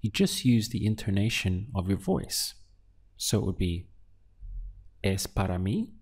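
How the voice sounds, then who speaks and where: A man's voice: fairly low pitch, moderate pace, gravelly, darkish tone, husky. A man teaching a beginner language lesson, patiently prompting the learner and then giving each answer. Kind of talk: slow instructional lesson.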